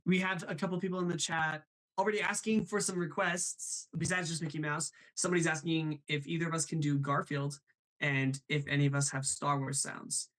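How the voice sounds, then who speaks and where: A man's voice: fairly high pitch, flat delivery, brisk, fairly bright tone, poor audio. Upbeat man hosting a live stream. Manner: upbeat, laughs often, reads chat aloud. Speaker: host.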